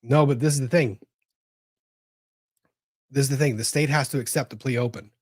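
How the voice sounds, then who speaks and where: A man's voice: medium pitch, fairly even intonation, moderate pace, darkish tone, husky, no echo, studio quality. A man hosting a live legal commentary show, thinking aloud, exclaiming and swearing as he reacts.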